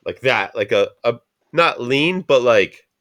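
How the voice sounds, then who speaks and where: With a medium-pitched voice and a measured pace, this Canadian podcast host rambles through an animated retelling of some story. He swears nonstop, keeping the whole thing casual and profane.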